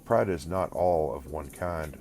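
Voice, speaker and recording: A man reading a steady, reproachful village woman. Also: a bass voice, measured pace, slight background noise. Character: plain earnest young village woman.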